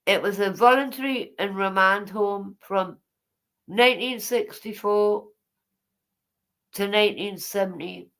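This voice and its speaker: A woman reads aloud in a casual, chatty way and keeps drifting off into teasing asides and side remarks. Her voice has a gravelly, creaky edge, and her pitch sits in an ordinary middle range. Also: unhurried, fairly bright tone. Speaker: vlogger reading her memoir aloud.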